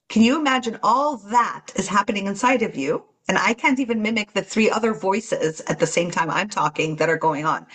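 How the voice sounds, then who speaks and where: A woman talking earnestly about staying calm while traveling, teaching and acting out the anxious voices in your head. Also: mid-range voice, moderate pace, few pauses, husky, rough recording. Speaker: guest channeler. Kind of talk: spiritual podcast talk.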